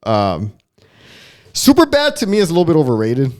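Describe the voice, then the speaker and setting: A man co-hosting a podcast, chatting casually about movies in a rambling, animated way and swearing freely. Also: on the high side, normal speed. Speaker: podcast co-host. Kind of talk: casual chat.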